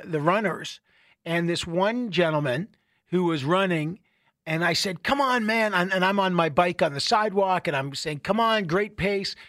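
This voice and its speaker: A middle-aged man hosting a radio show, telling stories in a casual, animated way with many restarts. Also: a little high, no echo, studio quality. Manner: conversational, animated storytelling with restarts. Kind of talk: casual talk radio monologue.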